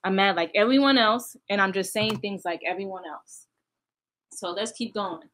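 A woman giving casual, candid reaction commentary on a video clip, pausing to explain her own side. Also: mid-range voice, noisy background. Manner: candid, laughs while recounting.

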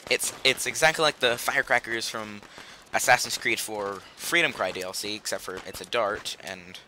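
A man's voice: lowish voice, pushed and bright, a little hiss or hum. A teenage boy casually commentating a video game, rambling, chatty and silly, trailing off mid-sentence. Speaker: gaming channel host. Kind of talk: casual let's play commentary.

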